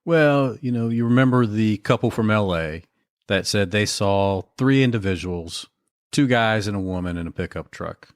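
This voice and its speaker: A man's voice: fairly low pitch, normal speed, clean tone, no room sound, clean studio sound. A man co-hosting a true-crime podcast, adding wry, sarcastic quips and short agreements in casual banter. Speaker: podcast co-host.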